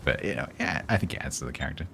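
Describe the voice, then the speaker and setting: A man's voice: rumbling low, very fast, vocal fry, over music. A man with a London accent, chatting casually with viewers and reacting sarcastically while streaming a game. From London, England. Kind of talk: casual live gaming stream chat.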